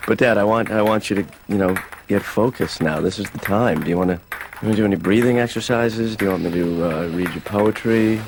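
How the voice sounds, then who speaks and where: A man voicing an easygoing adult son in a cartoon, talking in a dry, deadpan mumble. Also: lowish voice, a little fast, noisy background, natural voice. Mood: teasing. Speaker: son of the therapist. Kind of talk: improvised cartoon dialogue.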